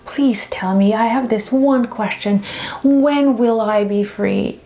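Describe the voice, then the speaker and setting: Woman voicing a self-righteous nobleman, higher and urgent, in a told parable. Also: slow, warm tone. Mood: pleading. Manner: pleading, then indignant. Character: proud self-righteous nobleman, middle-aged.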